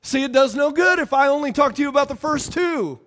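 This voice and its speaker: A man's voice: extremely high pitch, brisk, a bit bright. A man preaching a sermon with call-and-response, playful asides and repeated phrases for emphasis. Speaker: pastor.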